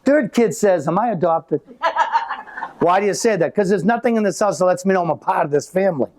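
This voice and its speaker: A middle-aged man performing live stand-up comedy, telling animated stories and acting out voices. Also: high-pitched, fast. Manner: animated storytelling with acted-out voices. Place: live venue with an audience.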